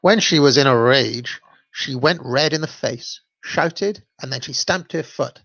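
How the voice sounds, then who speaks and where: A man's voice: mid-range voice, measured pace, creaky, a bit bright, no echo, highs cut off. A man hosting a livestream, reading children's stories aloud and commenting in a chatty, hesitant way with fillers and laughs. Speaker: channel host.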